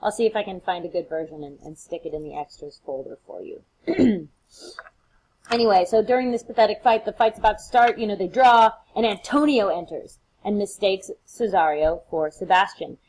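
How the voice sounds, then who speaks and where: A woman's voice: medium pitch, normal speed, a little mellow, poor audio. A woman giving a recorded literature lecture, retelling the scenes in casual, modern words and acting out the quotes playfully.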